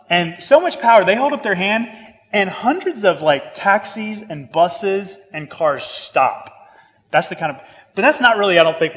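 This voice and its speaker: A man preaching a sermon, earnest, repeating phrases for emphasis and turning lively when he jokes. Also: sits high, big-room sound. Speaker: pastor.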